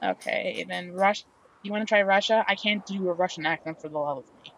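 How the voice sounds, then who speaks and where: A woman's voice: mid-range voice, a little fast, gravelly, a bit bright, slight background noise. A woman hosting a casual game playthrough, chatting and reading the game's lines aloud with playful drama. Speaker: let's play host.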